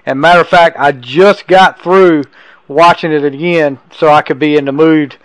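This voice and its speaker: An eager male podcast host speaks from his home, with frequent restarts. His voice is smooth and a little high. It is recorded dry and close, with no room sound. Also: steady tone, moderate pace, no room sound, low-quality recording. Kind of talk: casual interview. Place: home in a tiny town.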